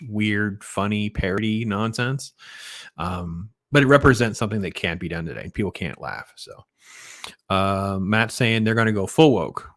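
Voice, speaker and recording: Low-voiced man hosting a dry-sounding livestream. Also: a bit bright, no room sound. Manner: opinionated, reacts to chat comments. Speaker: podcast host. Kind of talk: casual livestream chat.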